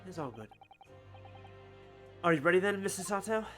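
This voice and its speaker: Rambling woman streamer, lowish voice. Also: animated, moderate pace, soft background music. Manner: rambling, profane, self-mocking. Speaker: game streamer. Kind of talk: casual livestream commentary.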